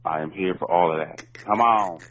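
A man's voice: low voice, normal speed, a crowd in the background. A man leaving a playful, teasing voicemail message for the hosts. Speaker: voicemail caller. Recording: muffled phone voicemail.

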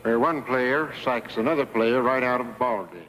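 A man's voice: medium pitch, normal speed, a bit bright, close to an everyday voice. An actor playing a stern male coach in a film clip, lecturing the players in an authoritative tone. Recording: noisy old film soundtrack.

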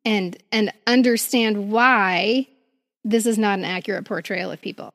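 A woman's voice: medium pitch, unhurried, dry recording, studio quality. A woman co-hosting a podcast, leading the casual chat and encouraging the others to share. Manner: warm, encouraging, leads the talk. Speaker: podcast co-host.

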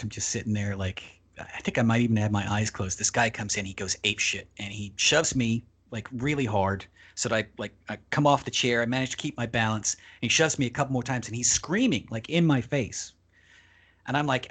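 A man telling a long travel story as a podcast guest, casual and animated, swearing freely and acting out the people he quotes. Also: mid-range voice, a little fast, slightly rough.

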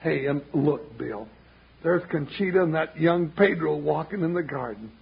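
Brief: high raspy old sidekick, folksy drawl, old lo-fi radio drama. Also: male voice, animated, moderate pace, exaggerated voice. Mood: admiring. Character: folksy old male sidekick, sleepy and sentimental. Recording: dull lo-fi old radio recording.

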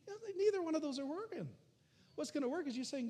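A man preaching a sermon, animated, swinging from loud calls to hushed near-whispers. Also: extremely high pitch, fast, husky. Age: adult. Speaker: pastor.

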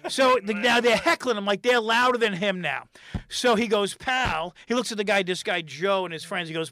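A middle-aged man telling a comedy-club story in casual chat, animated and rambling, acting out the voices of the people in it. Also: high voice, normal speed, dry recording. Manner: animated, acts out quotes and voices, rambling restarts.

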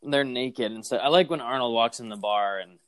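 A man's voice: mid-range voice, brisk, a crowd in the background. A man co-hosting a casual movie podcast, joking crudely and slipping into silly impressions. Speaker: podcast co-host.

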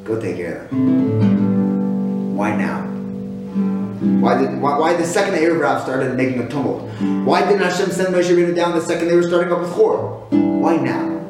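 A man giving a weekly Torah talk, animated, asking rhetorical questions and often restarting his sentences. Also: a little high, brisk. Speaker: Torah speaker. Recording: very echoey room with loud guitar music.

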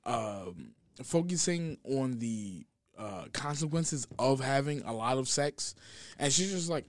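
A man on a casual podcast, rambling and empathizing, his sentences trailing off softly. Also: medium pitch, expressive, takes it slowly, no room sound. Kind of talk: casual drunk podcast chat.

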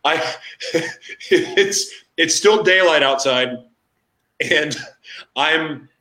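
A man hosting a casual chat, telling candid stories in an animated way. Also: fairly high pitch, extremely slow, roomy sound.

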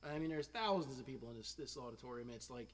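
A man's voice: medium pitch, quick pace, in a large hall, a little hiss or hum. A man from Pennsylvania hosting a podcast, telling a story casually and laughing often. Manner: animated, laughs often, acts out quoted dialogue. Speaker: podcast host.

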